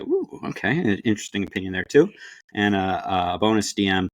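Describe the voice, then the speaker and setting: A man's voice: lowish voice, big pitch swings, brisk, fairly bright tone, no room sound. A man co-hosting a podcast in casual chat, talking with many fillers and restarts. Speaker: podcast co-host.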